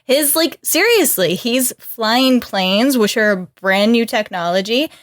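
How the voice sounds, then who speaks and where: Woman cohost, kinda high voice, chatty, laughs a lot on the pod. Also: expressive, a little slow. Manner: laughs often, fillers like "like". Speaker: podcast co-host. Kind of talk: casual chat.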